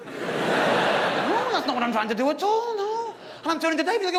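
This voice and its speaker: A man from England telling a story in stand-up, animated, incredulous and self-mocking. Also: extremely high pitch, normal speed, long pauses. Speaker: stand-up comedian. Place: stage before a live audience. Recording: live show with audience laughter.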